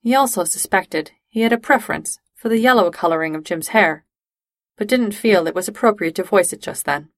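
A woman narrating a fan-fiction audiobook in a steady, even storytelling manner. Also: mid-range voice, a little fast, dry recording.

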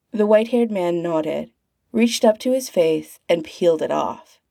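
A woman narrates a fan-written story at an even, unhurried clip. Her voice is mellow and soft-edged, and the recording is dry and close, with no room around it. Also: lowish voice, vocal fry, dry recording. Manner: reads aloud, putting on character voices. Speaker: fan fiction reader.

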